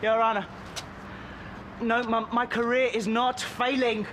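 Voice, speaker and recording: A man's voice: very high voice, level tone, unhurried, noisy background. An actor playing a harried lawyer on the phone, impatient and defensive with his mother. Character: harried young lawyer brushing off his mum.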